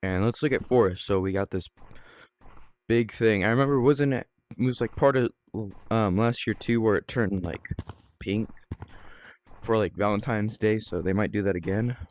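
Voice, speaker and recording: A man with a fairly low voice hosts his own gaming video and talks casually while he plays. He rambles, stacks up ums and restarts, and often lets his sentences trail off. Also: moderate pace, a little mellow, a little hiss or hum. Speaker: gaming channel host. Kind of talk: casual gameplay commentary.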